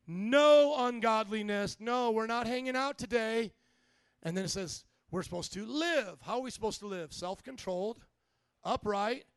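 High-voiced preaching man, call-and-response. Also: dry recording, clean studio sound. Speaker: pastor. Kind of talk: sermon.

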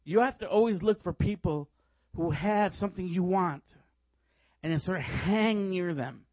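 High-voiced man preaching a lively testimony. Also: normal speed, dry recording. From Chicago, USA. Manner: animated storytelling, laughing often. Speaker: guest preacher. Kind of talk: sermon testimony. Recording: dull dry recording.

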